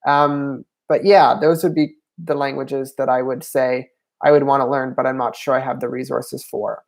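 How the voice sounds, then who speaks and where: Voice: medium pitch, level tone, normal speed. Hesitant livestream host thinking aloud. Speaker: language channel host. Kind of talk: livestream Q&A, answering viewer questions.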